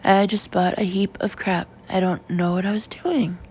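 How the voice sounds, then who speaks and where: Impulsive shopper, read by a woman; emphatic and eager, warm tone. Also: medium pitch, steady tone, moderate pace, husky, lo-fi sound, natural voice. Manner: emphatic, enthusiastic.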